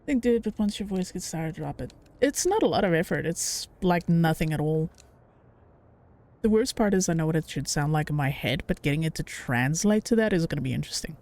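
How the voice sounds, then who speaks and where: A woman's voice: deep voice, lively intonation, fairly quick, a little mellow. A woman streaming a game, chatting casually, joking, swearing and reading the text aloud. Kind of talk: casual let's-play commentary.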